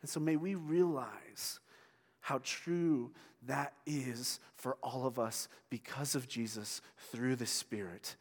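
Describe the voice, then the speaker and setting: A middle-aged man preaching a sermon as pastor, telling a personal story with halting restarts and sounding tearful. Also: mid-range voice, steady tone. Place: church sanctuary. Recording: long hall reverb.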